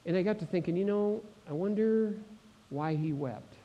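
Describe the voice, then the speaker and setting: A man preaching a sermon, swinging between loud proclamations and hushed moments, asking the congregation direct questions. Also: high voice, moderate pace, dull audio. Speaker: pastor.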